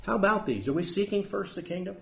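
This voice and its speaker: Emphatic high-voiced male preacher. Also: expressive, quick pace, vocal fry. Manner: emphatic, rhetorical questions, quotes scripture. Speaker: pastor. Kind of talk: sermon.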